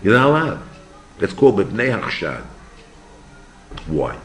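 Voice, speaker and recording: Animated older rabbi teaching a class. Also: male voice, on the low side, a little slow, faint music behind. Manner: animated, asks the students questions, acts out voices. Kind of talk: yeshiva lecture. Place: yeshiva classroom.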